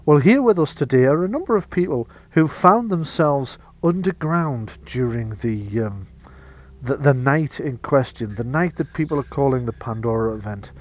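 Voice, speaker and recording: A man voicing a polished female morning-show host in a bright, scripted presenter tone. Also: mid-range voice, lively intonation, normal speed, lightly acted. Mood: polite.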